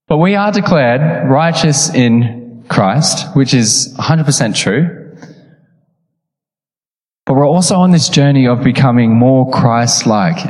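A man, preaching a sermon with casual storytelling and laughing asides. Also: mid-range voice. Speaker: pastor. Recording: echoey hall with long reverb.

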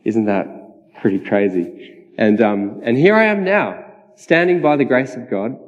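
This preacher has a medium-pitched voice with lively intonation and speaks a little slowly. He delivers a chatty, casual personal testimony sermon full of laughs, recorded with a dull, echoing hall sound.

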